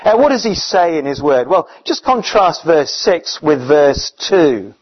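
A man preaching a sermon in a conversational, emphatic way, often pausing with fillers. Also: a little high, sing-song. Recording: dull, muffled recording.

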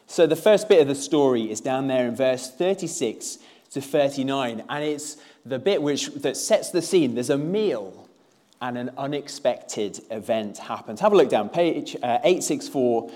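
A man's voice: medium pitch, lively intonation, unhurried, mellow. Man preaching a chatty sermon. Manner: conversational, with filler words and a few playful put-on voices. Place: church.

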